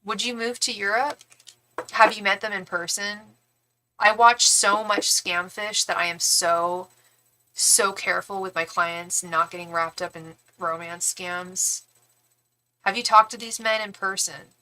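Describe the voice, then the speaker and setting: A woman's voice: medium pitch, steady tone, unhurried, pushed and bright, low-quality recording. A young woman reading tarot cards on a live stream, chatting and gushing casually to her viewers. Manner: chatty and gushing, lots of "like" and "girl". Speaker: tarot reader and psychic.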